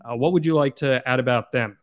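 A man's voice: medium pitch, brisk, no room sound, clean studio sound. A man hosting a podcast, steadily leading the conversation with questions and frequent "uh" fillers. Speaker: podcast host. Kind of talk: casual interview.

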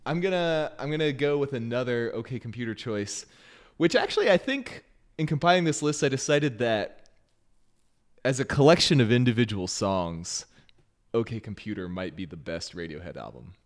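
A podcast co-host with a medium-pitched, expressive voice chats casually at a moderate pace. He rambles a little and uses fillers.

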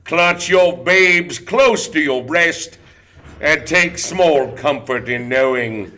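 A man voicing a grandiose newsreader who proclaims doom in slow, booming, biblical tones. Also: sharp tone. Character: doom-laden male newsreader, grandiose and apocalyptic.

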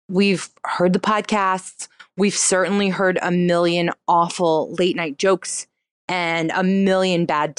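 Lowish-voiced woman in her 30s chatting, says like a lot, dry close mic. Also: no room sound. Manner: chatty, many "like" fillers, acts out quotes in a higher voice. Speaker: comedian and cabaret performer, guest. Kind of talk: casual interview chat.

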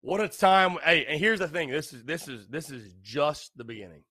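Brief: young guy, tipsy podcast host, lively up-and-down pitch, rambling repeats, dry close sound. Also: normal speed, no room sound. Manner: rambling, repetitive, loose and tipsy. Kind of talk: casual solo podcast talk.

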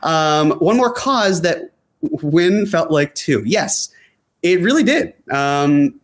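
A man's voice: on the high side, lively intonation, slow. Chatty man hosting a sports talk show. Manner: chatty, loose, many fillers and restarts. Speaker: sports show host reading viewer comments. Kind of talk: casual chat.

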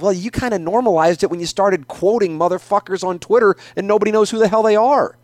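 A man's voice: high-pitched, lively intonation, brisk, hardly any pauses, a little mellow, no room sound. A middle-aged man hosting his own podcast, ranting in a casual, profane way and repeating himself for emphasis. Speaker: podcast host. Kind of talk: opinionated casual rant.

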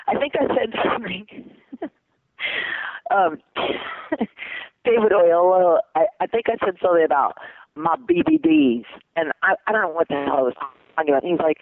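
An excitable man with a lively, bouncing delivery chats as an interview guest, laughing often and tossing in "dude" at every turn. His voice sits a little high for a man. It comes through a tinny, phone-like line that sounds dry and close. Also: normal speed, vocal fry. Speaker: voice actor guest. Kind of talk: casual interview chat.

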